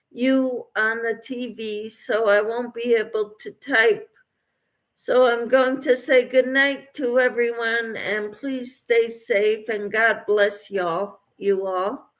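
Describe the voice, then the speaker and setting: Late at night and sounding tired, a woman hosts a casual crochet livestream, reading viewer comments aloud and answering them. Her voice is fairly high and fairly bright.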